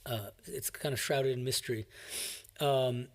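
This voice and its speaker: A man's voice: medium pitch, steady tone, measured pace, a little mellow. A man, a monk, giving an emphatic, explanatory commentary on a scripture reading to a class.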